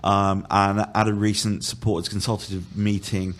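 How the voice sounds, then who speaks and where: Man, low voice, hesitant podcast guest, many restarts. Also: little pitch movement, normal speed. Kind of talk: casual football podcast discussion.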